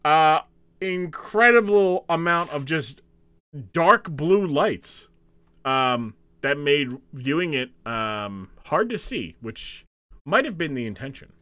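A man with a bright, forceful voice chats casually as a podcast co-host, often laughing and rambling. His pitch sits a little high for a man. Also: animated, slow, dry recording. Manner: laughing, rambling, reads facts aloud. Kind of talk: casual chat.

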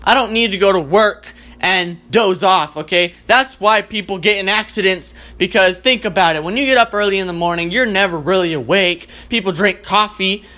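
Bright, high-voiced man ranting comically. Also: normal speed, hardly any pauses. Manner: profane, excitable, rambling. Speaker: host. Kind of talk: comedic rant.

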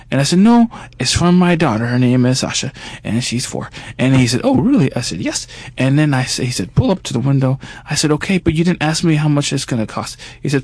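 Comedic male guest, high voice, rambling and sheepish, dry close sound. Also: sing-song, brisk, hardly any pauses, a little mellow, no echo. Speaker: comedic guest telling a story.

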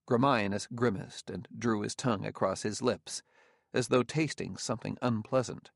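A man narrating an audiobook in an even, unhurried storytelling manner. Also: fairly low pitch, creaky, dry recording, studio quality. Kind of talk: scripted narration.

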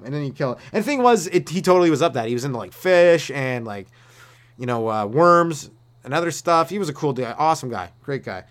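A man's voice: medium pitch, fast talker. A young man doing a rambling, profane solo comedy rant, acting out silly voices. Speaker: stand-up comedian.

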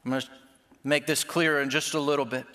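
A man's voice: a little high, little pitch movement, quick pace, pushed and bright, big-room sound. A man preaching a sermon as pastor, conversational and self-deprecating, with playful asides to the congregation.

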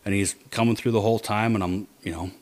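A man telling a hunting story in casual chat, animated, dropping to low mutters to quote his own thoughts. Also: fast talker.

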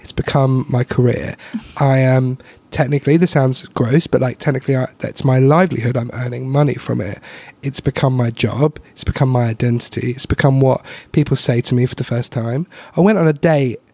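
A young man, a comedian guesting on a podcast, talking in a casual, animated way and laughing often at himself. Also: mid-range voice, brisk, hardly any pauses, breathy edge, no room sound. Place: London arts club.

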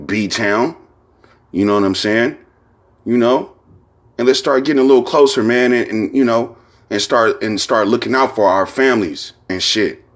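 A man hosting his own podcast, talking in a loose, rambling way with lots of slang and profanity and repeated "you know what I'm saying". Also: lowish voice. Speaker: podcast host. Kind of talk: casual solo podcast monologue.

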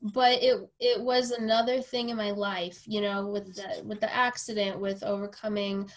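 With a medium-pitched voice at a moderate pace, this podcast host, a personal trainer, animatedly recounts a story in a casual way. Fillers come often, and she acts out the quoted lines.

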